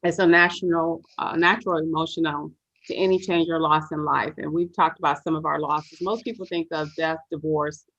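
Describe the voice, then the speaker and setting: A woman guest in a casual discussion, explaining calmly. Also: low-pitched, a little fast, dry recording, dull audio.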